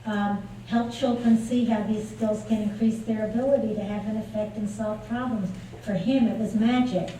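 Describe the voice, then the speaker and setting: A woman's voice: medium pitch, dark tone. A woman giving a conference lecture, telling classroom stories conversationally with frequent fillers. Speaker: keynote speaker on early childhood play. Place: large lecture venue. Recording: echoey hall from far off, faint noise.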